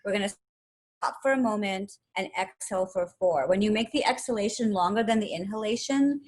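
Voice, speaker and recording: A woman's voice: mid-range voice, moderate pace. Woman guiding a breathing exercise. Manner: calm, counts breaths aloud and guides step by step. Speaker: yoga and meditation instructor. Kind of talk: guided breathing instruction.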